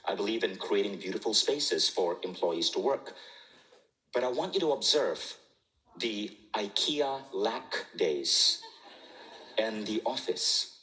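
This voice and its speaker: A man in his forties telling a story to a live audience as a keynote speaker, animated and often chuckling. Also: lowish voice, low-quality recording. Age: 40s. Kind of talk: storytelling talk on stage.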